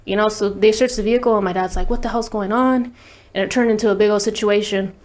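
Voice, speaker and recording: A woman's voice: mid-range voice, fairly even intonation, fast, darkish tone. A woman guest on an interview show, telling a personal story candidly and bluntly, swearing freely and saying "like" often. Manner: blunt, profane, heavy use of "like". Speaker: guest recording artist.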